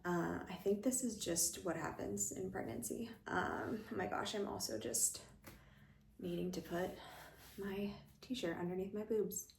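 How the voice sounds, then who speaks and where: A young woman vlogs from a room at home, chatting casually about her pregnancy in a rambling way full of fillers, a little out of breath. Her medium-pitched voice is a little slow with vocal fry. The sound is reverberant with slight background noise.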